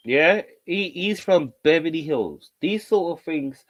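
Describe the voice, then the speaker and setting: A battle rap reaction host riffs over a clip, teasing and looping the same catchphrases. The delivery is lively, with pitch jumping around freely. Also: measured pace, few pauses. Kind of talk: reaction commentary.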